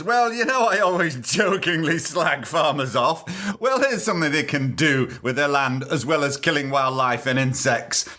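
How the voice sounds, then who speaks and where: A man from Britain hosts a podcast, running through news stories in a loose, casual way. He keeps breaking off for cheeky, sarcastic jokes. His voice sits a little high and sounds bright and forceful. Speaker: podcast host.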